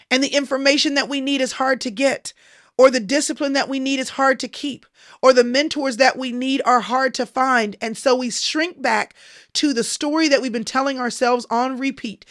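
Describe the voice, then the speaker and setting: A woman's voice: on the high side, fairly bright tone, dry recording, studio quality. Emphatic woman preaching. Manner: emphatic, repetitive preaching cadence. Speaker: Christian speaker. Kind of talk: motivational sermon.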